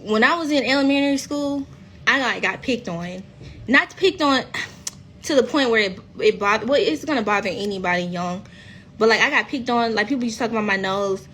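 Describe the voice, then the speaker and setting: Speaking a little fast in a high-leaning voice, a woman in her thirties from a reality TV cast chats bluntly on a phone live stream. She curses freely and performs quoted lines in lively voices, with some hiss or hum in the background.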